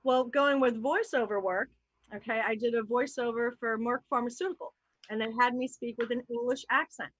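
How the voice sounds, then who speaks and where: A woman's voice: fairly high pitch, steady tone, a little fast, no room sound, lo-fi sound. A woman from New Jersey, an actor and improv performer, talking candidly and animatedly in a casual panel chat, with fillers as she thinks aloud. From New Jersey, USA.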